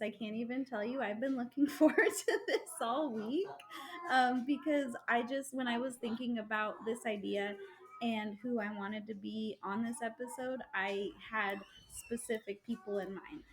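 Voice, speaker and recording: A woman chatting excitedly on a podcast, laughing often as she thanks guests and plugs her pages. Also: fairly high pitch, moderate pace, noisy background. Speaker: podcast guest and episode organizer. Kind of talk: casual chat.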